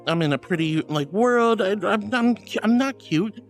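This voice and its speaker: A man with a high voice hosts a casual livestream and reads out viewer messages. He gushes and teases, and he calls everyone sweetheart, honey or darling. Soft music plays faintly behind him. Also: expressive, unhurried. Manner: gushing and playful. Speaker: streamer.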